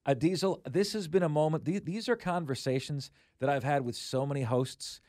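A man hosting a sports talk radio show in a studio, talking in animated, self-deprecating banter. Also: on the high side, normal speed, no room sound. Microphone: studio microphone.

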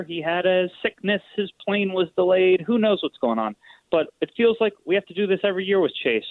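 A nasal-voiced man calls into a sports talk show over a thin, phone-like line. He weighs his points aloud at a measured pace, his voice sitting a little high. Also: dry recording. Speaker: guest podcaster calling in. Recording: tinny phone-line audio.

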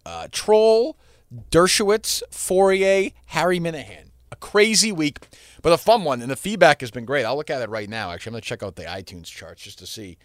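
A man's voice: mid-range voice, expressive, fast, fairly bright tone, no room sound, studio quality. A man hosting his own podcast, talking alone in a rambling, blunt style with frequent restarts and some profanity. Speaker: podcast host. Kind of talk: solo podcast monologue.

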